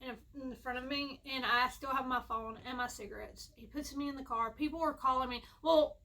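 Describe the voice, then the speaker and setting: A young woman rambles through a personal story in a high, lifted voice. Her tone is bright and a little sharp, chatty and self-mocking, like a vlogger talking straight to her viewers from home. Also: fairly even intonation, brisk. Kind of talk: casual storytime.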